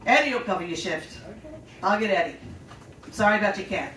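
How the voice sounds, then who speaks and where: Gruff older male restaurant owner, woman doing the voice, curt, swearing, distant, noisy live room. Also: medium pitch, animated, fairly quick, a bit bright, close to an everyday voice. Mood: gruff sympathy. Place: small storytelling venue stage. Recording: roomy live stage sound, distant and noisy.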